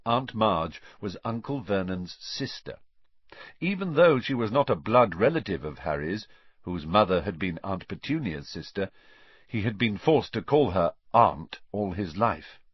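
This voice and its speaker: Male audiobook narrator, lowish husky voice, lively intonation, dull dry recording. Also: measured pace, no room sound. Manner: expressive storytelling.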